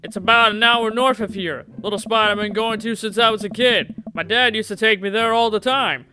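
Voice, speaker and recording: A man's voice: high voice, normal speed, pushed and bright, soft background music. Man putting on a folksy fishing dad with an odd accent. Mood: upbeat. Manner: folksy and upbeat. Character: cheerful outdoorsy middle-aged fishing dad.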